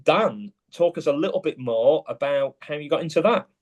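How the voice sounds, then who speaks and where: Chatty podcast host. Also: male voice, fairly high pitch, lively intonation, moderate pace, a little mellow, lo-fi sound. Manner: chatty, jokey, lots of ums. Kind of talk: casual podcast chat.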